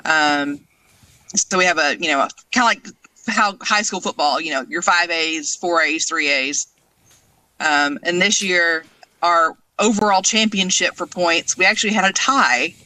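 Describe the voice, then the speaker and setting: Bright-voiced woman calling in by phone. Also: lowish voice, unhurried, dry recording, low-quality recording. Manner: friendly, laughs between points. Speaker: car club organizer, guest. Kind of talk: casual interview answers. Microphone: cell phone.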